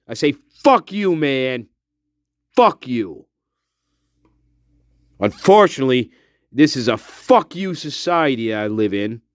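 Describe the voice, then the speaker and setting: A man's voice: on the high side, no echo. A man hosting a casual livestream, talking to his viewers in a profane, emphatic pep talk. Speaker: livestream host.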